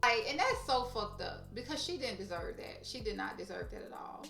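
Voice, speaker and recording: A woman's voice: a little high, very animated, normal speed, vocal fry, a bit bright, distant mic. A woman vlogger telling a story in casual chat, blunt and profane, talking straight to her viewers. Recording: roomy echo, off-mic, faint music.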